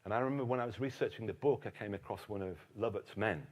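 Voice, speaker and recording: A man giving a lively public lecture on history, telling stories emphatically. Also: fairly low pitch, fast talker. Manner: animated storyteller, emphatic. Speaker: keynote speaker, historian.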